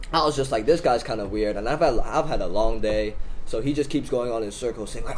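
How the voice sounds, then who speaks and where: A man's voice: mid-range voice, quick pace, slight background noise, low-quality recording. A teenage boy casually telling a story on a student podcast, acting out both sides of an argument. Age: teens. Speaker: podcast co-host. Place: school room in Hong Kong.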